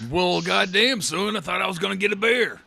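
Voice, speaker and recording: A gruff rural southern man hollers in a loud drawl, as a man puts him on. The voice rides high and sounds bright and gravelly. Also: brisk, exaggerated voice. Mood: hollering.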